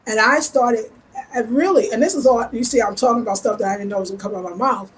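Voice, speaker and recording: A woman's voice: a little high, fast talker, slight background noise, low-quality recording. A woman from the United States giving an earnest, searching personal monologue as a vlogger, building her points through rhetorical questions. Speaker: lifestyle vlogger.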